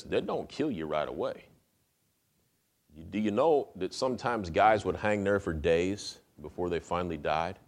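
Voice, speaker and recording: A man's voice: deep voice, a bit bright. A male pastor preaching a sermon in a folksy, conversational way, often repeating words as he builds his point.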